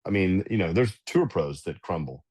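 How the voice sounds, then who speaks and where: A middle-aged man, a golf club director and podcast guest, telling anecdotes in casual, animated fashion. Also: deep voice, normal speed, breathy edge. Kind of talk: casual storytelling.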